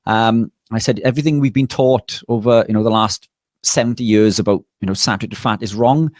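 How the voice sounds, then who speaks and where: A man's voice: on the low side, a little fast, no room sound. Man telling a story, dry sound. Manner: lively anecdotal telling with frequent restarts. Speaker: guest, nutritionist and bodybuilder. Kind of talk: casual interview storytelling.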